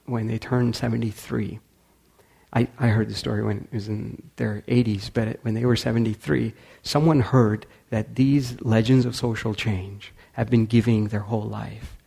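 Male storyteller giving a talk, animated, acting out quotes, husky with gravel. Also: mid-range voice. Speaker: speaker.

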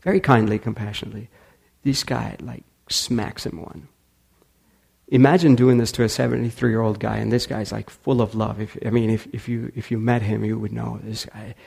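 Male storyteller giving a talk, animated, acting out quotes, husky with gravel. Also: lowish voice, moderate pace. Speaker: speaker.

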